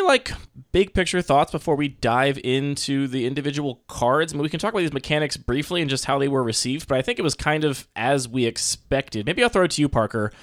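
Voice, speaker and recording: Smooth-voiced man hosting a podcast chat. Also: medium pitch, no echo, clean studio sound. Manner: chatty, uses many fillers like "like". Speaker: podcast host. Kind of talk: casual chat.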